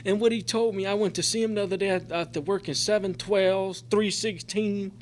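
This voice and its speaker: A middle-aged man with a high-pitched, steady voice speaks briskly over soft background music. He's a recovery convention speaker in a convention meeting room, giving an emotional, profane personal testimony to the group that rambles on with fillers like "man" and "you know."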